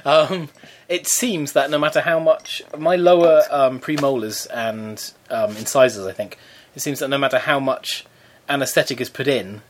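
A man's voice: mid-range voice, moderate pace. A man co-hosting a podcast, telling a self-mocking story in casual, playful chat. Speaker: podcast co-host.

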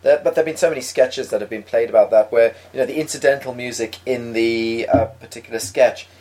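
A man's voice: medium pitch, fast, darkish tone, soft background music, low-quality recording. A man co-hosting a podcast, chatting casually among friends. His delivery is dry and rambling, with a teasing edge. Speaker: podcast co-host. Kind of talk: casual chat.

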